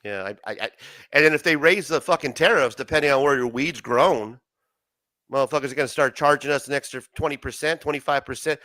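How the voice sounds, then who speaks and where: A man's voice: mid-range voice, a little fast, sharp tone, no room sound. A man hosting a casual late-night livestream, swearing a lot and laughing often. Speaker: livestream host.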